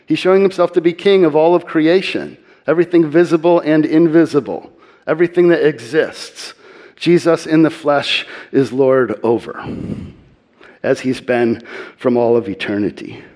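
A man giving earnest sermon-style Bible teaching, slowing and softening his voice for emphasis. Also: fairly high pitch.

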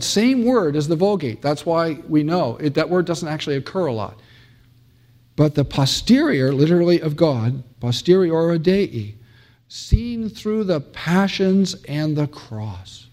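A middle-aged American man with a fairly high, darkish voice gives a theology lecture in a classroom. He is emphatic, full of fillers and restarts, and quotes things dramatically.

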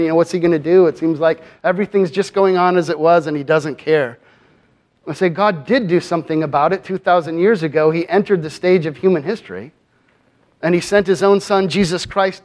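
A man preaching a sermon in an earnest manner, often posing rhetorical questions to his congregation. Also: fairly high pitch. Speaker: pastor.

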